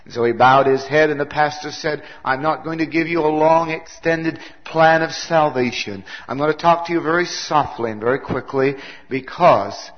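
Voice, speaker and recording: A man preaching a sermon, his volume swelling and then dropping very soft as he tells a story. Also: a little high, moderate pace. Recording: dull lo-fi recording.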